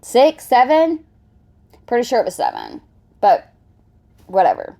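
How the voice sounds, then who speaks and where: A woman rants in a heated, profane reaction commentary. Her pitch leaps up and down as she vents, sitting a little above the usual range for a woman. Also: huge pitch swings, unhurried, gravelly, mellow, slight background noise. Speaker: reaction vlogger.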